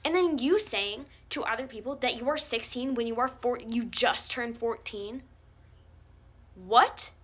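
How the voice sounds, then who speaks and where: A woman's voice: fairly high pitch, normal speed, few pauses, a bit bright. A young woman delivering a heated, confrontational rant straight to the camera, swearing often. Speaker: vlogger calling someone out. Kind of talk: angry direct-to-camera rant.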